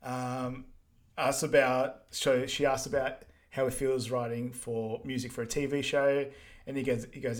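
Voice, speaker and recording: A man co-hosting a podcast, summarizing film scenes in a relaxed way full of fillers. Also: medium pitch, measured pace. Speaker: podcast co-host. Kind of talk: casual film recap chat.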